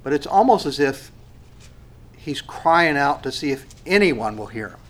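A man preaching a sermon in a reflective way, with frequent pauses and fillers, moving from hushed lines to emphatic rising phrases. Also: a little high, sing-song.

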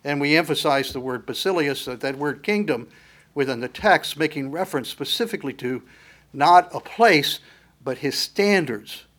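A man's voice: on the high side, moderate pace, fairly bright tone. A man preaching a sermon in an earnest, emphatic teaching manner, with frequent fillers and restarts.

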